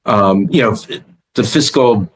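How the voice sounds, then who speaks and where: Low-voiced analyst guy on a remote interview, thinks out loud, lots of restarts. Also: husky, rough recording. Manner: thoughtful, halting with repeated starts. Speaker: guest analyst.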